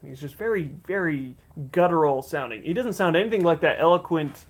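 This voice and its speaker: A man running a tabletop role-playing session, describing the scene in a rambling, restart-heavy way. His voice is gravelly with fry and sits somewhat high for a man. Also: lively intonation, brisk. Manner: rambling, many fillers and restarts. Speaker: game master. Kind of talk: narrating a tabletop game livestream.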